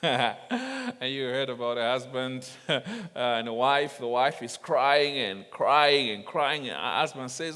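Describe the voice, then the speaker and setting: Male preacher, unhurried, animated, humorous storyteller who chuckles, sermon in a reverberant hall. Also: medium pitch. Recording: long reverb of a large hall.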